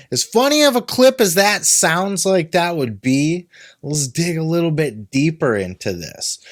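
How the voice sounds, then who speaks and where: A man hosts a podcast with blunt, foul-mouthed commentary. His voice sits at a middle pitch. The recording is dry and close. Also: no echo. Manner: profane, blunt. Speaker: podcast host. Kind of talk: casual commentary.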